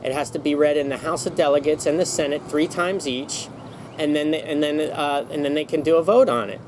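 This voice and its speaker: A man's voice: a little high, steady tone, a little fast, background noise. A man vlogging in a casual storytelling monologue, rambling along with many restarts and self-corrections.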